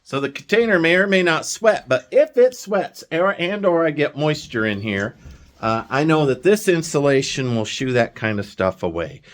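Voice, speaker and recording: A man's voice: a little high, big pitch swings, moderate pace. Rambling, self-mocking older man. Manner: wry, rambling, self-mocking, many fillers. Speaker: DIY builder vlogger. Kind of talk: casual self-filmed vlog chat. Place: off-grid container build site.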